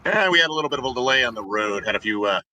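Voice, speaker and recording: A man's voice: medium pitch, lively intonation, very fast, pushed and bright, poor audio. A man playing a blunt adventurer who talks in dry, joking understatement. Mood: wry. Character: tough male adventurer, wry and blunt.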